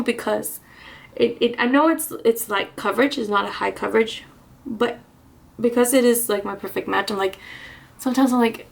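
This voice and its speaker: A woman with a somewhat high voice talks casually while doing her makeup, as in a beauty vlog. She rambles, restarts her sentences and laughs softly now and then. She sounds slightly out of breath. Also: moderate pace, gravelly. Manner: chatty, rambling, frequent restarts and little laughs. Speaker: beauty vlogger. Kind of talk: casual get-ready-with-me chat.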